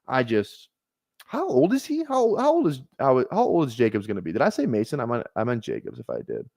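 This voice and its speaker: A man's voice: medium pitch, huge pitch swings, brisk, creaky, darkish tone, dry recording. Man streaming fantasy drafts, dry sound. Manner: rambling, thinks aloud, self-correcting. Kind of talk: casual live-stream draft commentary.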